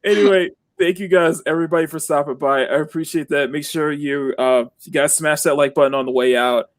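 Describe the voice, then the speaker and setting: A drawing streamer signing off a live stream in casual talk, halting with many fillers and restarts, earnest and grateful toward viewers. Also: medium pitch, fairly even intonation, dry recording.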